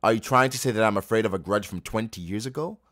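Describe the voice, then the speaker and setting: A man reading a manga aloud and voicing a paranoid, boastful shogun who shouts indignantly. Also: fairly low pitch, quick pace, dry recording, studio quality, close to an everyday voice. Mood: angry shouting.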